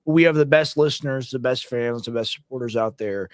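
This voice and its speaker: A man's voice: medium pitch, a little fast, dry recording, studio quality. A man co-hosting a casual livestream chat, rambling and leaning hard on "like" as filler. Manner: rambling, heavy use of "like" fillers. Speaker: co-host.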